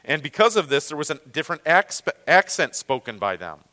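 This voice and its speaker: Teaching a Bible lesson, a man with a Great Lakes American accent keeps things easy and conversational, often pausing on fillers and restarting sentences. His voice sits on the high side and is very animated, bright and carrying, echoing with a long, hall-like reverb.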